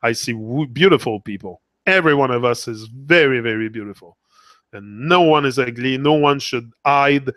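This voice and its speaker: A man's voice: mid-range voice, moderate pace, a bit bright, no room sound, clean studio sound. A man with a Quebec French accent in a casual, rambling live monologue as a motivational streamer. He swears freely and talks back to a viewer.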